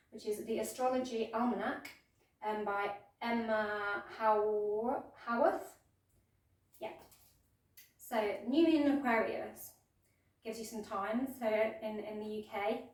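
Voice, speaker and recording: A chatty woman leads a relaxed yoga class, rambling a little and filling pauses with ums. Her voice sits at a middle pitch. It sounds strongly echoey, picked up from well back in a bare room. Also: distant mic. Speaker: yoga teacher. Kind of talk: casual yoga class intro and instruction.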